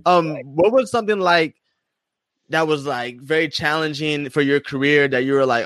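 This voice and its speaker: A man's voice: medium pitch, brisk, a bit bright, no echo. A man hosting a casual interview chat, laid-back and slangy, chuckling along with his guest. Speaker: podcast host.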